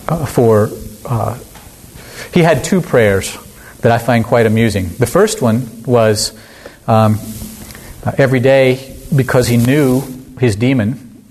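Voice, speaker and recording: Slow, earnest male preacher. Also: medium pitch, a little mellow. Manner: slow, earnest, reflective with frequent pauses and fillers. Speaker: pastor. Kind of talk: sermon.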